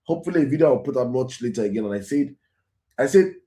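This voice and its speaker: A man's voice: mid-range voice, lively intonation, quick pace, mellow, reverberant. A Nigerian man hosting his own show, giving emphatic commentary that repeats key phrases and slips into Pidgin. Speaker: host. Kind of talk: impassioned commentary.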